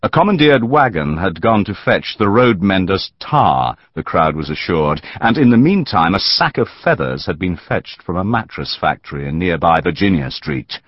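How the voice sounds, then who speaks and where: Deep-voiced husky male audiobook narrator. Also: sing-song, no room sound, muffled recording. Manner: measured, dramatic storytelling. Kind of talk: scripted narration of a historical novel.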